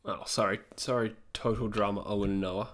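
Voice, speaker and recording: A man's voice: on the low side, fairly even intonation, normal speed. A young Australian man hosting a live stream, chatting casually and answering his viewers' messages.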